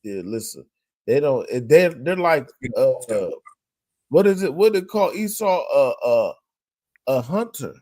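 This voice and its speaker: A man's voice: medium pitch, expressive, measured pace, a little mellow, no echo. A man hosting a podcast in casual chat, rambling, hunting for words and quoting scripture. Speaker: podcast host.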